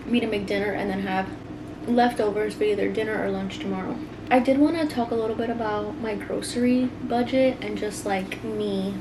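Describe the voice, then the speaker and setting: Young woman vlogger, slightly high voice, chatty and easygoing, home clip with background noise. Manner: chatty, filler-heavy, relaxed talk with many "like"s. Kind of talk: casual vlog chat.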